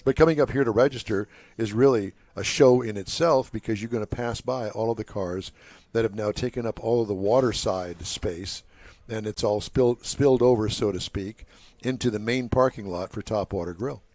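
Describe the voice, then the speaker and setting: A man's voice: lowish voice, normal speed, a little mellow, dry recording. A man in his sixties hosting a casual live show at an outdoor car show, joking and rambling between announcements. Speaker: show host.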